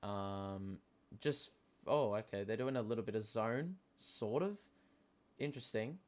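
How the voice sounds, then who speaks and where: A man hosting a live basketball watchalong, talking casually with many fillers and sudden excited outbursts. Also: lowish voice, unhurried. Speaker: host.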